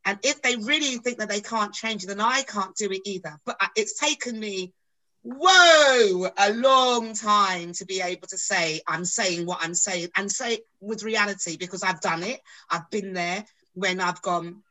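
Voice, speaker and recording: A woman's voice: mid-range voice, normal speed, low-quality recording. A middle-aged woman with a British accent, an actress talking on a podcast, telling stories and acting out the dialogue in them. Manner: animated storyteller acting out dialogue. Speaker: actress guest. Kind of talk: podcast conversation.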